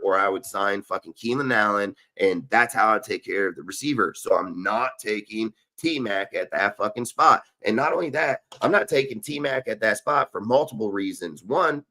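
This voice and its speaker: A man's voice: on the low side, pushed and bright. A man hosting a live sports show, ranting heatedly and profanely about his team's draft choices. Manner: profane, fired-up, argumentative. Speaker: podcast host. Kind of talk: heated sports talk rant.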